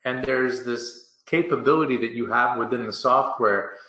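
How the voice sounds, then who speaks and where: A man presenting a software product demo in a webinar, upbeat and casual with a salesy confidence. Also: medium pitch, moderate pace. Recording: dull, roomy online webinar audio.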